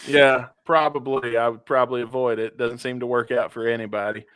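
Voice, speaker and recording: A man's voice: medium pitch, little pitch movement, brisk, fairly bright tone, clean tone, dry recording. A young man co-hosting a casual podcast, reading stories aloud in a laid-back way with small stumbles and fillers. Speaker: podcast co-host.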